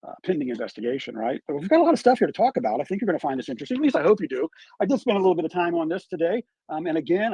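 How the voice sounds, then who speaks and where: A man talks through true crime on a live stream, emphatic and piling on rhetorical questions. His voice sits high and swings widely in pitch, with a slightly husky edge. The sound is dry, with little room echo. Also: warm tone. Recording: played back from a live stream.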